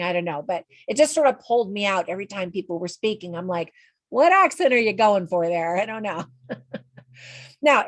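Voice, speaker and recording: A woman's voice: medium pitch, dry recording. A middle-aged woman giving a casual, frank movie review in a chatty way, often laughing at her own asides.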